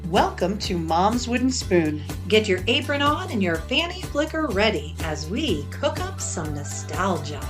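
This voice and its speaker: Lively, playful woman co-hosting a cooking show. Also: mid-range voice, measured pace, few pauses, reverberant, over music. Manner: playful, jokey. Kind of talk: casual cooking show chat. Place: home kitchen.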